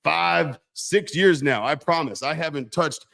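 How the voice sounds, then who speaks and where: A laid-back older coworker caught off guard, his voice pitched up well above normal and a touch louder. He protests in a fluster, as a man acts him out in a story. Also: a little slow, gravelly. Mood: protesting.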